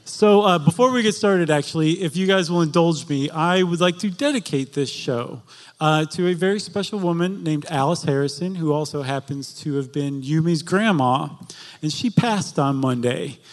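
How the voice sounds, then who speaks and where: Male co-host, slightly higher voice, chatty live-podcast storyteller, laughs easily. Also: normal speed. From Florida. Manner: jokey, chatty, laughs often. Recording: live show before an audience.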